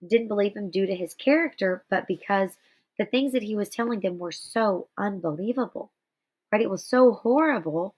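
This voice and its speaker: A tired, yawny woman teacher doing a guided reading aloud, with explanations to her students. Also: medium pitch. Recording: slightly dull lo-fi recording.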